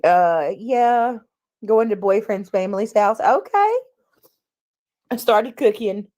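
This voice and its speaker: A middle-aged woman hosting a casual livestream, chatting warmly with viewers, greeting them by name, often clearing her throat. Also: medium pitch, unhurried. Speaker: livestream host.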